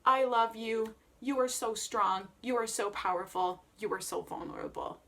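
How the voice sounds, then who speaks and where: Playful, animated woman vlogger. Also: on the high side, normal speed. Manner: animated, playful, emphatic, jokey asides. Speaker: Enneagram coach and opera vlogger. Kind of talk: casual vlog chat.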